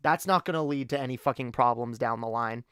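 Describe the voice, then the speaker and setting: A woman's voice: extremely low pitch, brisk, a bit bright, clean tone, dry recording, clean studio sound. A woman from Canada streaming a heated, profane rant, often stumbling and repeating words. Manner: angry, profane, with frequent restarts and repeated words. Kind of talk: ranting commentary on a live stream.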